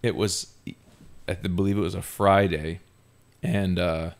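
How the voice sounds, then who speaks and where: Low-voiced man telling a story. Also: measured pace. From Ontario, Canada. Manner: animated, self-mocking, laughs often while telling. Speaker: podcast host. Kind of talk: casual storytelling.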